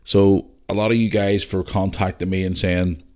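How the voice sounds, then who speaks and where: Deep-voiced man hosting a casual podcast. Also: flat delivery, normal speed. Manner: chatty and loose, swears freely. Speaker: podcast host. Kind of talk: casual solo podcast chat.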